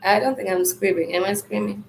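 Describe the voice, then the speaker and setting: A woman hosting a live stream, giving a loose, rambling spiritual talk in a loud voice, often clearing an irritated throat and addressing viewers as family. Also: medium pitch, brisk, roomy sound, very noisy.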